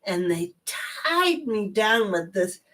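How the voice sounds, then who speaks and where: A woman host telling a personal story in a chatty, rambling way, with many asides and animated moments. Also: mid-range voice, takes it slowly.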